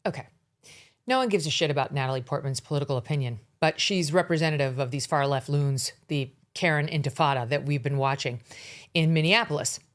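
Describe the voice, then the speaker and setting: A woman's voice: low-pitched, brisk. A middle-aged woman hosting her own talk show, delivering blunt, sarcastic political commentary. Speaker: host. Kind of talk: opinionated talk show monologue.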